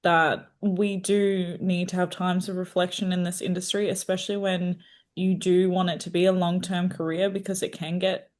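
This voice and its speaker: A woman's voice: fairly low pitch, flat delivery, moderate pace. A woman hosting an author interview, upbeat and encouraging in casual chat. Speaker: podcast host.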